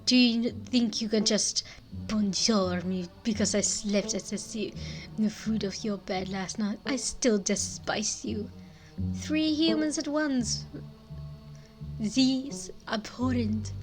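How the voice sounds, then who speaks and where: A woman voicing a haughty, disdainful cat that speaks with mock French airs in a slow, lofty manner. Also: on the high side, over music.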